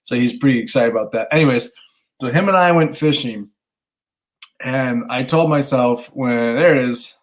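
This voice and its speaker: Brief: man in his thirties, animated storyteller, casual swearing, acts out the dialogue. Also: medium pitch, normal speed. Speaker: podcast co-host, stay-at-home dad.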